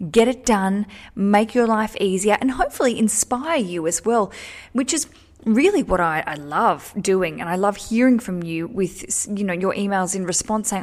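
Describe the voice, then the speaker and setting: A woman with an Australian accent hosting a podcast in an upbeat, chatty way with casual slang, recorded in an echoey room in a house. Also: medium pitch. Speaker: podcast host.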